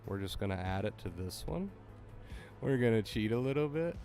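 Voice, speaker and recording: Excitable male livestreamer, music behind. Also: on the low side, normal speed. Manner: excitable, talks to chat, repeats himself when flustered. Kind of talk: casual live-stream chat.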